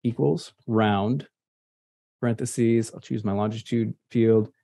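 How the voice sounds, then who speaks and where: A man from Michigan with a Midwestern American accent, presenting a casual, playful software tutorial over a video call. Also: lowish voice, slow pace, gravelly. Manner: playful, nerdy asides, chatty and relaxed. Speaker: presenter at an online meetup. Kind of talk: casual screen-share tutorial. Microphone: computer mic on a video call.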